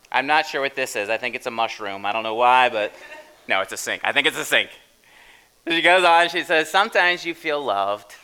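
A man's voice: on the high side, bright, forceful tone. A man in his thirties, a pastor telling a story in a chatty, casual sermon and often asking "right?".

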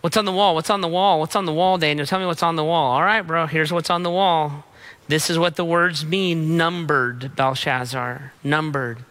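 Guy preaching, kinda high voice, hits every line hard, casual slang. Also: fairly even intonation, normal speed, a bit bright. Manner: punchy, emphatic, casual slang. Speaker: pastor. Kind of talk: sermon.

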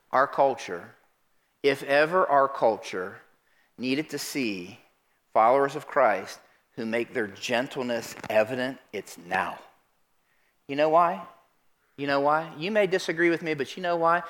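A man preaching a sermon in church, asking the congregation questions and urging them to answer out loud. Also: medium pitch. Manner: animated, calls out questions to the congregation. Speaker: pastor. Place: church sanctuary.

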